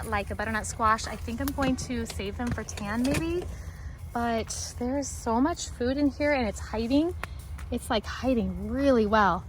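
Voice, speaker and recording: Excitable higher-voiced woman rambling through a garden tour, faint outdoor hum behind. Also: moderate pace. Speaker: homesteading garden vlogger. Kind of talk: casual walking garden tour.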